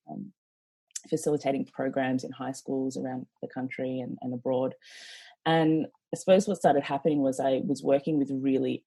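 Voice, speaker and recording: A woman's voice: very deep voice, creaky, mellow, breathy edge, dry recording. A woman from Australia with an Australian accent, a guest coach answering interview questions thoughtfully, with many fillers.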